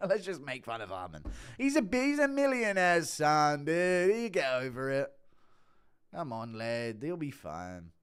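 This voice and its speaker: A man chats casually with his live-stream audience, swearing and laughing often. His voice sits a bit high for a man and sounds smooth and clear. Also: sing-song, unhurried, a bit bright. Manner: giggly, profane, talks to chat.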